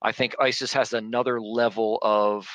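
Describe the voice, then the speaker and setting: A man's voice: on the low side, level tone, normal speed, a bit bright. A man from Philadelphia, a guest on a podcast, talking in a blunt, rambling way with many restarts. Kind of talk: casual podcast chat.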